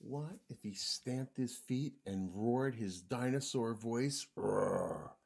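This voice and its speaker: A man reading a picture book aloud to young children, gentle and expressive, sometimes dropping to a whisper. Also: mid-range voice, slow, husky.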